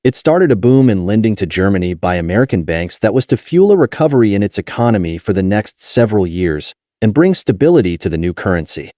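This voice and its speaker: A man reading a nonfiction history audiobook in a measured, steady way, with deliberate pauses. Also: on the low side, no echo, clean studio sound. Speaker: audiobook narrator. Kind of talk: scripted nonfiction narration.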